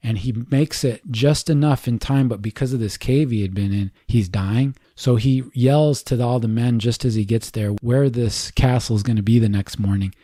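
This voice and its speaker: A man's voice: mid-range voice, moderate pace, few pauses, no echo, clean studio sound. A man co-hosting a casual podcast, retelling a movie scene by scene and throwing in "dude" a lot. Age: adult parent. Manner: animated storyteller, says "dude" a lot. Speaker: podcast co-host.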